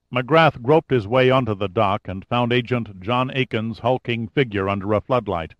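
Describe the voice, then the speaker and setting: A man narrating a thriller audiobook in a measured, even manner. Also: mid-range voice, no room sound. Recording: dull, dry studio recording.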